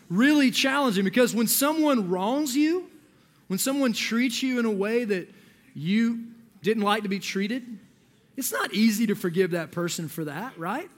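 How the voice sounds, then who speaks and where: Man, youth pastor, energetic joking youth sermon, very high voice, bright tone. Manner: energetic, joking, talks to the crowd.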